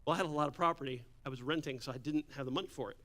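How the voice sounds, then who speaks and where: A man's voice: on the high side, rapid-fire, bright, forceful tone. A man preaching a sermon on a church microphone, casual and joking as he tells stories. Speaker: pastor. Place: church sanctuary. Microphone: handheld or stage microphone.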